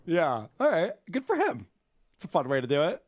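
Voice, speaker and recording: A man's voice: on the high side, huge pitch swings, normal speed. A man hosting a casual podcast who runs a quiz game in an easygoing way and laughs often. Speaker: podcast host.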